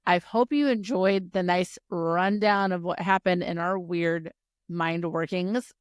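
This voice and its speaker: A woman with a lowish voice co-hosts a book podcast. She talks emphatically in relaxed chat. The sound is dry and close. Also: unhurried, smooth, no echo. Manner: wraps up the episode, chatty and emphatic. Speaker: podcast co-host. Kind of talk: casual book-club chat.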